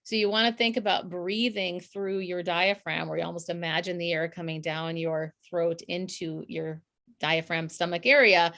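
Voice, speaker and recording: Energetic woman coach, low-pitched voice. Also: moderate pace. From US Midwest. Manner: energetic, demonstrative, laughs often. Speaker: communications coach, guest. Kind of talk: conversational podcast interview.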